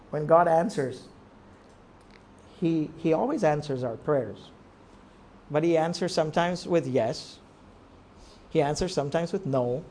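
A man preaching a sermon in a conversational way, asking rhetorical questions and swinging from quiet reflection to emphatic urging. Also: fairly high pitch, slight background noise. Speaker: pastor.

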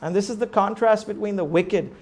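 A man preaching a sermon in a conversational way, asking rhetorical questions and swinging from quiet reflection to emphatic urging. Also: sits high, fairly quick. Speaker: pastor.

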